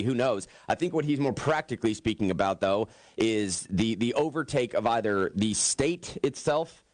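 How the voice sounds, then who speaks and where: A man's voice: mid-range voice, no echo. A man hosting a morning radio talk show in a joking, rambling way with plenty of fillers. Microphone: studio microphone.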